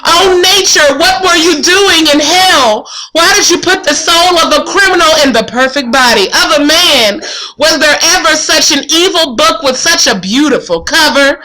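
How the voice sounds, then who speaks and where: A woman's voice: sits high, lively intonation, moderate pace, crowd noise, voice pushed up, poor audio. A woman reading aloud as a young girl in love and grieving, in plain modern prose. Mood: anguished. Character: young lovestruck girl torn by grief. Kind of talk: reading a play aloud in class.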